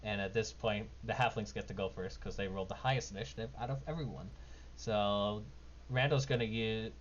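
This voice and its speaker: A man running a tabletop game as game master, narrating casually and rambling with lots of fillers. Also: fairly low pitch. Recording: dull lo-fi mic with faint noise.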